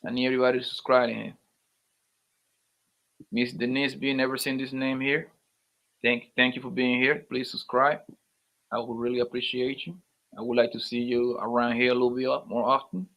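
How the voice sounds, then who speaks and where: A man's voice: medium pitch, flat delivery, moderate pace, long pauses, a bit bright. A man with hosting a casual livestream, greeting viewers by name and teasing them in loose slangy banter. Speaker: livestream host. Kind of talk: casual livestream chat, reading viewer names.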